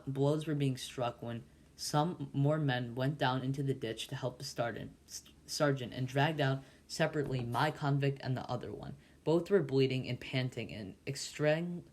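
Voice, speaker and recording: A man reads a classic novel aloud as a volunteer narrator, at a plain middle pitch. He trips over words often and restarts them before moving on. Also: a little mellow. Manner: frequent stumbles and restarts. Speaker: volunteer reader.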